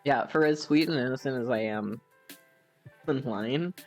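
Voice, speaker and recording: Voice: medium pitch, normal speed, faint music behind. A young adult from Canada, a gaming streamer chatting and telling a rambling story while playing. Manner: chatty, rambling, with frequent fillers.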